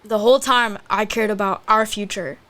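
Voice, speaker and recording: A young woman in her twenties, a podcast guest, telling a story in casual chat, animated and swearing often as she acts out quotes. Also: mid-range voice, moderate pace.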